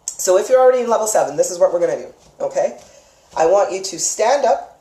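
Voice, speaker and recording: Warm-voiced woman teaching, echoey room. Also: mid-range voice, animated, fast. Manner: instructive, checks in with frequent "okay?"; emphatic, repeats key phrases. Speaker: energy healing teacher. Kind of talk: live spoken lesson. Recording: echoey room, mic far off.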